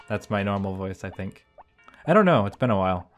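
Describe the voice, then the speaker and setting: A man's voice: fairly low pitch, animated, fast talker, soft background music. Chatty man doing game commentary. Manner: chatty, thinks out loud, rambling asides. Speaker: gameplay YouTuber. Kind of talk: casual let's-play commentary.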